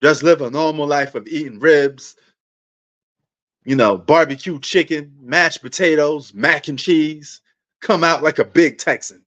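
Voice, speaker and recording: A man's voice: fairly high pitch, measured pace, fairly bright tone. A man hosting a sports livestream, rambling in a laid-back, casual way and talking straight to his viewers.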